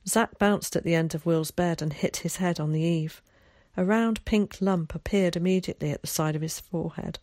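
A woman narrating a children's novel in a measured, expressive way. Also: fairly low pitch. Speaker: audiobook narrator. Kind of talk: storybook narration.

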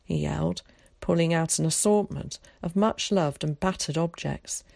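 Low, gravelly woman narrating a storybook. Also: normal speed, a little mellow, no room sound, studio quality. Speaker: audiobook narrator.

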